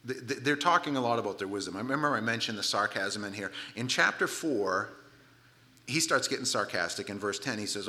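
Middle-aged male preacher, bright and animated, sarcastic asides. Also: medium pitch, fairly quick. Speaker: pastor. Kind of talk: sermon.

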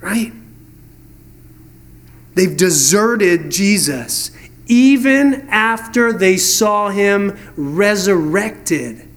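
A man's voice: high voice, drawn-out words. A man preaching a sermon, reading verses and telling stories, acting out voices in the dialogue. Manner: storytelling, animated, acts out voices in dialogue. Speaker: pastor.

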